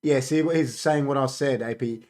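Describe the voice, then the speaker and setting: A man's voice: mid-range voice, moderate pace, darkish tone. A young Australian man co-hosting a casual podcast chat, talking emphatically and ending boasts with "bro". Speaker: podcast co-host.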